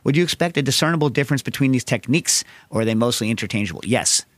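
A man's voice: medium pitch, very fast, no echo. Man, podcast host, loose chatty delivery, wanders off on tangents, mid-range voice, dry mic. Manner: rambling, tangent-prone, animated storytelling. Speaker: podcast host answering listener questions. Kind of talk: casual chat.

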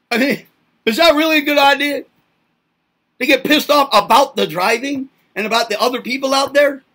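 A man's voice: extremely high pitch, normal speed, pauses often, pushed and bright. A man giving an informal self-help talk, rambling through rhetorical questions with casual swearing. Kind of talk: informal lecturing monologue.

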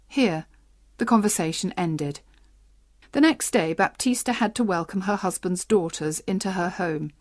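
Steady woman storybook narrator. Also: fairly low pitch, unhurried, no room sound, clean studio sound. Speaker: audiobook narrator. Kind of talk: graded-reader narration for learners.

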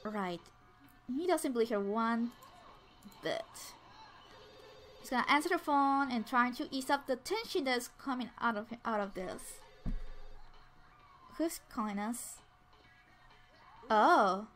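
Faint music plays behind a woman whose voice is fairly high, expressive, and a bit bright; she speaks slowly and pauses often. As a let's play narrator, she chats casually through a life-sim game, performing the characters' lines and restarting many times.

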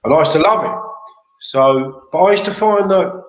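A man's voice: fairly high pitch, moderate pace, lo-fi sound. English man telling stories, echoey room. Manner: animated, laughing anecdotes with slang. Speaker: interview guest. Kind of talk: casual storytelling.

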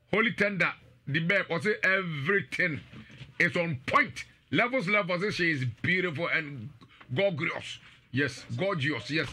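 High, bright-voiced radio host. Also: male voice. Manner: animated, laughing, shouting out viewers. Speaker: radio and live-stream host. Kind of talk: lively presenter banter, reading live comments.

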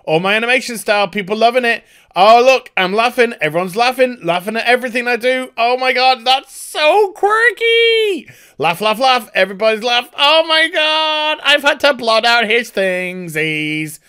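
A man's voice: extremely high pitch, sing-song, moderate pace, pushed and bright, clear, resonant tone, pitched above the performer's own voice, full character voice. A man putting on the voice of a smug, self-adoring male cartoon producer who gushes in baby-talk words. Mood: smug gushing.

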